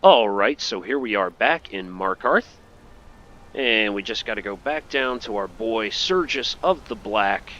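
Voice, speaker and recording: A man's voice: on the low side, animated, measured pace, a bit bright, lo-fi sound. A man giving casual, playful commentary while playing a video game, chatty and jokey. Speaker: gameplay commentator.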